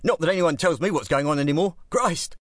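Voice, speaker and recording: A man voicing a rambling drunk in a Panama hat, gibbering in a high, quick voice. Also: no echo, studio quality, close to an everyday voice.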